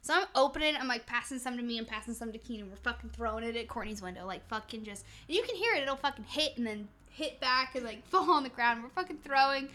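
A young woman with a high voice tells a long story in casual chat. She swears freely and laughs as she talks, keeping it loose and animated. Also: fast talker, few pauses. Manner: animated, swears constantly, laughs while telling.

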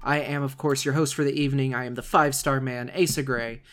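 A man hosting a wrestling podcast, chatting casually and joking with his co-host, talking fast and with enthusiasm. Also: medium pitch, steady tone, a bit bright.

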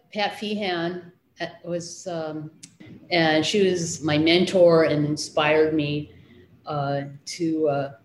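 A woman's voice: low-pitched, a little mellow, echoey room, slight background noise. A middle-aged woman, a children's librarian, recalling her studies in a casual interview, hesitant with many fillers and restarts.

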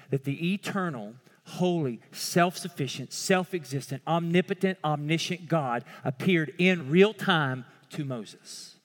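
A male pastor preaching a sermon with impassioned swings from loud pleading to hushed tones. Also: fairly high pitch, long reverb tail.

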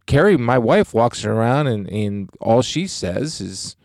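A man's voice: mid-range voice, very animated, measured pace, gravelly, a little mellow, no room sound, studio quality. A middle-aged man co-hosting a faith podcast, talking earnestly and emphatically about his beliefs. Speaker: podcast co-host.

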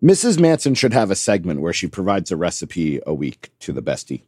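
A man's voice: deep voice, huge pitch swings, brisk, a little mellow, slightly rough, dry recording, clean studio sound. A man co-hosting a casual podcast with a wry, teasing, self-deprecating manner. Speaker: podcast co-host.

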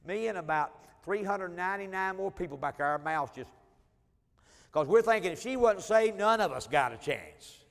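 A man preaching a sermon, telling a personal testimony in a folksy style and swinging between loud and soft. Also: high-pitched, animated, normal speed, vocal fry. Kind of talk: sermon storytelling. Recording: long hall reverb.

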